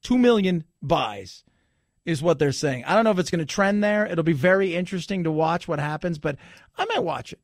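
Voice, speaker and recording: A man's voice: on the high side, expressive, fairly quick, no room sound, studio quality. A middle-aged man hosting a radio talk show, chatting casually with joking, sarcastic asides. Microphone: studio microphone.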